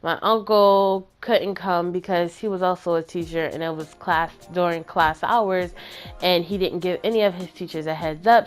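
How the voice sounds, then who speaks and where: A woman talks straight to her viewers, retelling a personal story with candid, animated energy and easy slang. Her voice sits at an ordinary middle pitch, and faint music plays softly behind her. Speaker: channel host.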